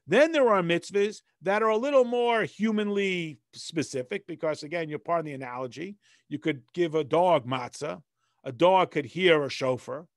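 A man's voice: a little high, normal speed, dry recording, studio quality. A man, a rabbi, leading a text study class. He reads passages in Hebrew and explains them in plain, conversational English with everyday analogies. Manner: conversational, patient teacher.

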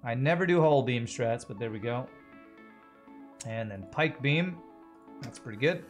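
A man streaming a game, joking casually and reading viewers' chat comments out loud. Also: mid-range voice, animated, unhurried, soft background music. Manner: jokey, reads chat aloud.

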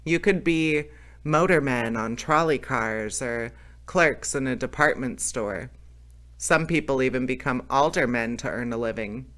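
A man's voice: medium pitch, unhurried, bright, forceful tone. A man reading a storybook aloud, voicing an earnest, worried young girl in a slightly raised voice. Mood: coaxing. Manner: earnest, pleading.

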